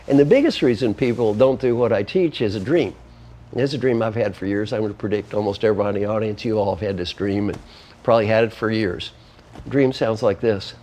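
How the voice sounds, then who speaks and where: With a lowish, mellow voice and a little hiss or hum in the recording, a guest author and coach explains ideas in a conversational interview. He's emphatic and teacherly, going point by numbered point.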